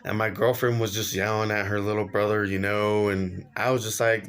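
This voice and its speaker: A man's voice: on the low side, steady tone, moderate pace, fairly bright tone, smooth. A young man casually telling a personal story on his vlog, slangy and laughing along as he goes. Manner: laid-back slangy, laughs while telling. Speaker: vlogger.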